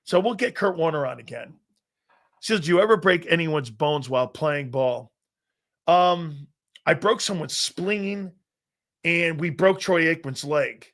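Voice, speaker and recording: A man in his fifties, a former football player hosting a live sports talk show, telling stories in a profane, animated, laughing way. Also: on the high side, a little slow. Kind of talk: casual live-stream storytelling.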